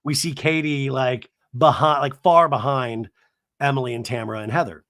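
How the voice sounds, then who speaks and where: A man hosting a podcast, giving a casual, gossipy recap with animated, swearing, exasperated asides. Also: medium pitch, dry recording, studio quality. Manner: does quick voices for the people he quotes. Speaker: podcast host recapping a reality show.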